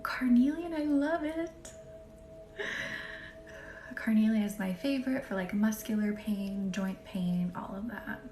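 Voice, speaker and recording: A woman hosting a live healing stream, speaking softly and often half-whispering as she greets viewers by name and guides them to relax. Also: medium pitch, measured pace, pauses often, slight background noise. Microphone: phone or webcam for live stream. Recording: roomy room with faint music.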